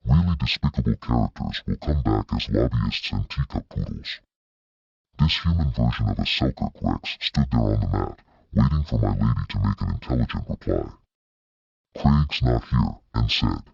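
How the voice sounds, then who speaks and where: A man with an extremely low, gravelly voice reads the story in a dry, wry way. The sound is husky and close. The recording is dull and dead dry. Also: expressive, moderate pace, a little mellow, dry recording. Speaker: narrator. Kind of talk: scripted audiobook narration.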